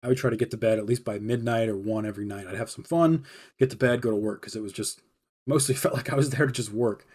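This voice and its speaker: Young guy rambling thru a story, lots of "like", mellow warm voice. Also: medium pitch, fast talker, husky. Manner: rambling and laid-back, full of "like" fillers. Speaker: podcast host. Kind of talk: casual storytelling on a livestream podcast.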